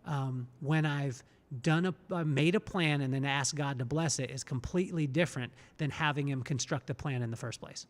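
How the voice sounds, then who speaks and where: A man's voice: mid-range voice, moderate pace, big-room sound. A man hosting a podcast, talking in an earnest, reflective way and repeating words as he thinks. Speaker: podcast host. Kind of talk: casual podcast conversation.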